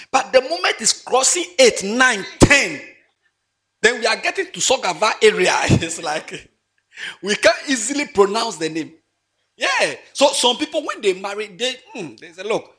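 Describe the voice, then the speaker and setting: A man preaching in church, playful and animated, laughing often and swinging from loud exclamations to quiet asides. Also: sits high. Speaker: pastor. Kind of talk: lively sermon.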